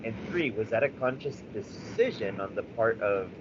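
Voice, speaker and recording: A man co-hosting a podcast in casual chat, animated and rambling, swearing freely with lots of fillers. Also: on the low side, moderate pace. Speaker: podcast co-host. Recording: slightly dull audio with faint background noise.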